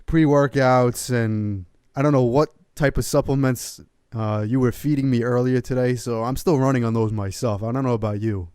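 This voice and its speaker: A man's voice: mid-range voice, steady tone, moderate pace, hardly any pauses, a little mellow, clean tone, no room sound, clean studio sound. A man with a New York accent co-hosting a fitness podcast, laid-back and joking in casual chat. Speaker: podcast co-host.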